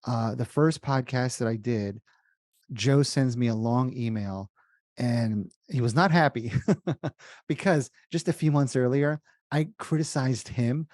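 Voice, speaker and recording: A man who invests in real estate, a guest on an interview podcast, telling stories in a lively way and acting out the dialogue. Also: mid-range voice, measured pace, dry recording, studio quality. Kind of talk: casual interview talk.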